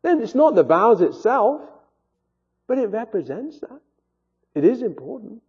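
A man's voice: sits high, very animated, a little slow, darkish tone, breathy edge. A man, a pastor, delivering an earnest sermon with rising and falling emphasis, heard through a tinny, phone-like recording. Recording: phone-like sound with long hall reverb.

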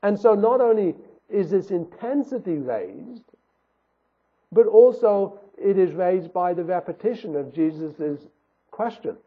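A man's voice: on the high side, lively intonation, unhurried. A man preaching a sermon in an earnest, emphatic way, repeating his key phrases for weight. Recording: tinny phone-like recording.

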